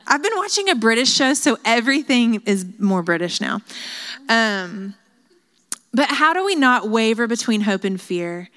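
A woman's voice: on the high side, sing-song, moderate pace, a bit bright. A woman leading a women's Bible study, teaching in an earnest, chatty way with frequent asides and fillers. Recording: hall reverb.

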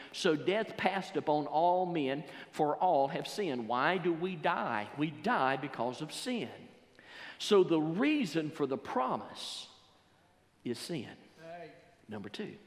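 A man preaching a sermon, quoting scripture, then stressing key words slowly and rising to loud emphatic peaks. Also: a little high. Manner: quotes scripture and paraphrases it. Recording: long reverb of a large hall.

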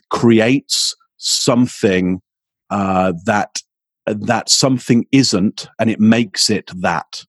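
A man speaking as a communications expert guest in an interview, energetic and acting out little exchanges as he explains. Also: no room sound. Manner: energetic, acts out quoted exchanges with rising pitch. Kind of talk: animated interview answer.

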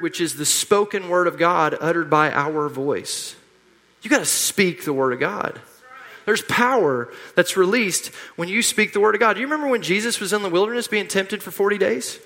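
A man's voice: sits high, fairly bright tone. A middle-aged man preaching a sermon, emphatic and repetitive, leading the congregation in call-and-response. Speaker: pastor. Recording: long hall reverb.

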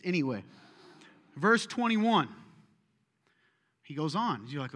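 A man preaching a sermon, animated and joking, with self-deprecating asides, in a church auditorium. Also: mid-range voice, moderate pace, pauses often. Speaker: pastor. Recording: long reverb of a large hall.

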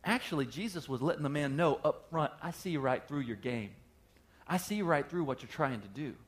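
Dynamic preaching man, fairly high voice. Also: animated, moderate pace. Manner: dynamic preaching with big swings in pitch and volume, acting out scripture voices. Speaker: pastor. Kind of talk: sermon.

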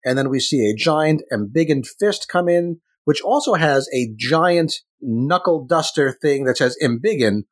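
A man's voice: on the high side, lively intonation, measured pace, few pauses. A man co-hosting a casual comic book chat, with wry, matter-of-fact commentary. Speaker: podcast co-host.

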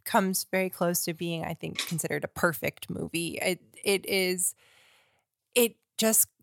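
A podcast co-host with a fairly low, creaky voice discusses films in a thoughtful, unhurried way, often searching for the right words. There's no echo in the casual film discussion.

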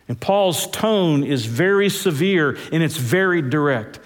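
A man preaches a sermon with a somewhat high voice. He drags out key words and leaps up and down in pitch to drive points home. A long reverb from the large hall trails behind him. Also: animated, measured pace, few pauses. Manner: preaching with big swings of pitch, stretched words for emphasis. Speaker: pastor. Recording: echoey church hall.

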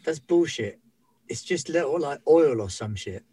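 Husky guy, fake accent for his character, blunt and sweary. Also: a little high, animated, moderate pace, warm tone. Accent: put-on character accent. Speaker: tabletop role-player. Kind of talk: in-character tabletop role-play.

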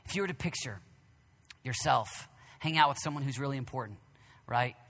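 A man preaching a sermon at a conference, emphatic and repetitive, swinging between loud declarations and hushed whispers. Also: medium pitch, fairly quick, in a large hall. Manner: emphatic, repeats phrases.

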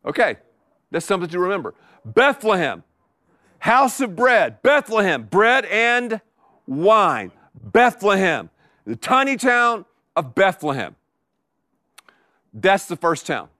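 This is a middle-aged man, a pastor, preaching to a live congregation with animated energy and emphatic repetition. His voice sits high, and he moves slowly, pausing often. No room sound can be heard.

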